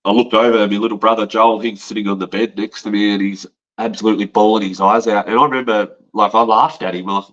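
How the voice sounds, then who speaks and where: Australian man, very low voice, frank rambling storyteller, swears, muffled lo-fi podcast sound. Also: fairly even intonation, fast talker, a bit bright. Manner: rambling, frank, swears, says mate often. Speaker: podcast guest telling his story. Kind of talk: casual storytelling.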